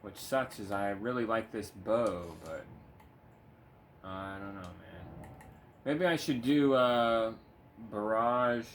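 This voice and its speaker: Man, gaming creator, easygoing, swears a lot, baby-talks his pet, lowish voice, faint hum behind. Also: takes it slowly, pauses often. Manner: laid-back, swears freely, coos baby talk at his cat. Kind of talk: casual gameplay commentary. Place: home room.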